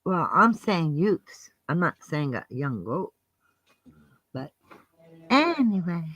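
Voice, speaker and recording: Slow-talking woman with a New Jersey accent. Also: lowish voice, very animated, a bit bright, no room sound, poor audio. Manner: laughs often, playful and chatty. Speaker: livestream co-host. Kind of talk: casual chat.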